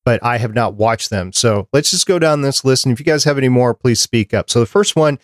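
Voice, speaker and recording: A podcast host chats casually, working his way down a prepared list in an easygoing, brisk manner. His mid-pitched voice sounds dry and close-miked, with no echo from the room.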